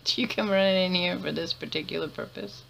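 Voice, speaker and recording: A woman's voice: on the low side, quick pace, gravelly, a bit bright, a little hiss or hum. A woman giving chatty let's-play commentary, laughing often and muttering to herself as she plays. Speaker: gamer.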